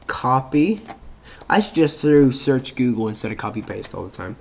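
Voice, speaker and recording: A man hosting his channel, reading a reference page aloud in a halting way, stumbling and restarting words, with offhand asides between passages. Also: medium pitch, animated, gravelly, a little mellow. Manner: halting reading with frequent restarts and self-corrections. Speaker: channel host.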